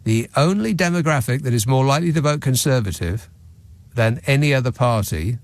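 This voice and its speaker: Medium-pitched, with no room sound at all. The man is a phone-in radio host, running a sarcastic, mocking, dry-witted opinion monologue into a studio microphone.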